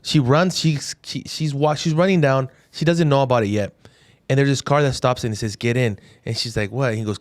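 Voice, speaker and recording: A man's voice: mid-range voice, fairly quick, dry recording. A man co-hosting a dental podcast, talking casually and animatedly retelling stories while quoting other people. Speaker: podcast co-host.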